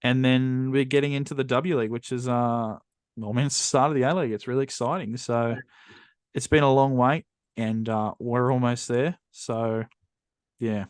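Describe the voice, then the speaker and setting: A man's voice: medium pitch, steady tone, normal speed, clean tone, dry recording. Laid-back Australian male podcast co-host, dry teasing wit, close and dry recording. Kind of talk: casual football podcast chat.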